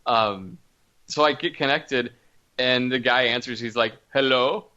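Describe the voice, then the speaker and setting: Bright-voiced man laughing through a story. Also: mid-range voice, a little slow, lo-fi sound. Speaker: podcast co-host. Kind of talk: casual chat.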